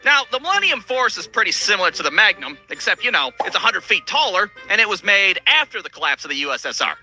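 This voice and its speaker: A young man telling a comic story with sarcastic, profane, excitable delivery. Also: high voice, fast talker, soft background music, low-quality recording. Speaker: comedic storyteller. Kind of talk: comedic storytelling monologue.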